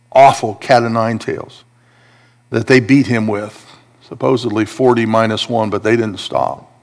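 A man preaching a sermon, building intensity with repeated emphatic phrases. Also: mid-range voice. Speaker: pastor.

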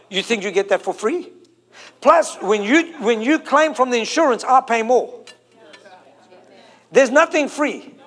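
A man's voice: extremely high pitch, animated, unhurried, pauses often, fairly bright tone. A man, preaching a sermon to a congregation, emphatic and fond of repeating and stretching key phrases. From South Africa.

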